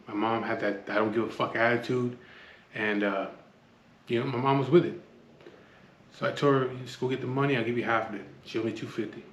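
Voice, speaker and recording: A man's voice: medium pitch, fairly bright tone. A man telling a street story in a blunt, profane, casual way. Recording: echoey room, faint noise.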